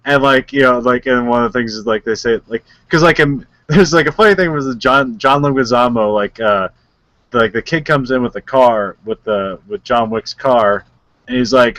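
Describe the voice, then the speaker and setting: A man's voice: fairly low pitch, fairly quick, a bit bright, no room sound, muffled recording. A man co-hosting a podcast, retelling a movie in casual chat, rambling with lots of filler words and frequent laughs. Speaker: podcast co-host.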